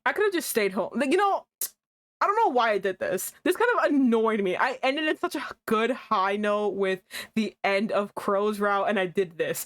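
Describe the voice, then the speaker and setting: A young woman streaming a visual novel, reading its text aloud and reacting with sarcastic, expressive commentary full of swearing. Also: mid-range voice, normal speed.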